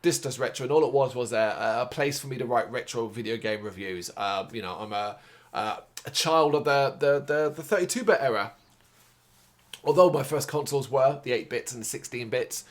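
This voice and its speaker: A man's voice: mid-range voice, normal speed. A tired man hosting his own video, talking unscripted and wandering off on tangents, with casual swearing and plenty of fillers. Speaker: host of a music and games review site.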